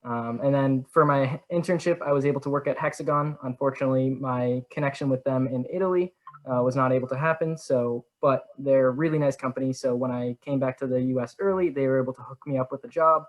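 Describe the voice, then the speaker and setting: A young man, a student ambassador, talking about his experiences in an upbeat, rambling way with many filler pauses. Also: mid-range voice, low-quality recording. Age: young adult. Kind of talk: informal self-introduction.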